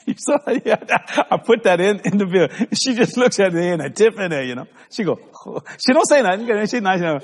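Man, pastor, sermon, storytelling, husky, reverberant sanctuary. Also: sits high. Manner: folksy storytelling, animated, laughs often. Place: church sanctuary. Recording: long hall reverb.

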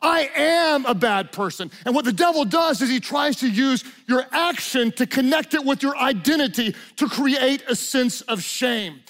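A male preacher with a high voice who delivers his sermon dramatically. He drops to hushed, slow lines and then builds up to shouting. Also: animated.

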